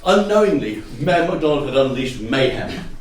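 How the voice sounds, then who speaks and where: A man with an English accent telling an improvised comic story on stage, laughing often and picking up shouted suggestions. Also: a little high, normal speed, distant mic, a little hiss or hum. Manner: animated, laughing often, repeating audience suggestions. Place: theatre stage with live audience. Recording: echoey hall recorded from afar.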